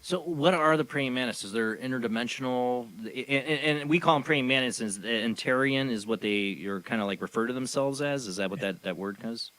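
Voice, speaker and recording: A man's voice: medium pitch, a little fast, hardly any pauses, a bit bright, no room sound, rough recording. A man hosting a radio talk show, asking questions and dropping in short supportive remarks. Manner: asks questions and gives short supportive interjections. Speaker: host.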